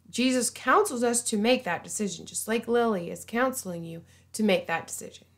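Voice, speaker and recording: A woman giving an informal sermon, earnest and pleading, often dropping to a hushed voice. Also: mid-range voice. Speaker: preacher.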